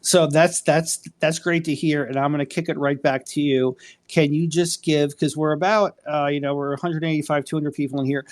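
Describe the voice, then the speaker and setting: A man's voice: a little high, steady tone, brisk. Rambling, cussing male host. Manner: rambling, profane, many fillers. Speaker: attorney. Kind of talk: casual live chat.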